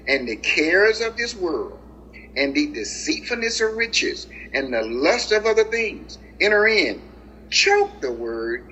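A man preaching, his bright voice leaping up and down in pitch as he reads verses slowly and explains them to the congregation. He speaks directly to his listeners as family and guys. The recording is slightly muffled, with a faint hum of room noise behind him. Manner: animated, with swings of pitch and slow drawn-out scripture reading. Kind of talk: sermon, reading and explaining scripture.

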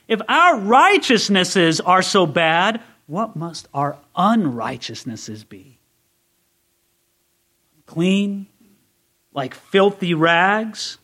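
Male Bible teacher with a high voice, earnest sermon delivery that swings from hushed to forceful. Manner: earnest, swings from quiet to emphatic. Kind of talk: expository sermon.

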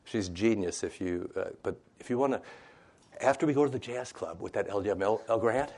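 Man, Bible teacher, lowish voice, casual classroom talk, keeps asking "right?". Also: brisk, darkish tone. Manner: chatty, keeps asking "right?", retells scripture in modern slang. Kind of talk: informal scripture lesson.

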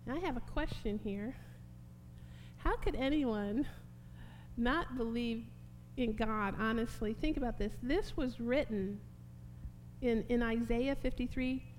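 Woman preacher, impassioned sermon, high and slow, reverberant hall. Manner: impassioned, rising to emphatic peaks. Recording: long hall reverb, faint hum.

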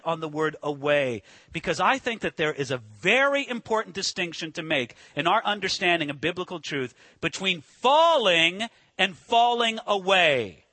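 A man's voice: high voice, pushed and bright, no echo. A man preaching a sermon as a pastor, earnest and full of rhetorical questions.

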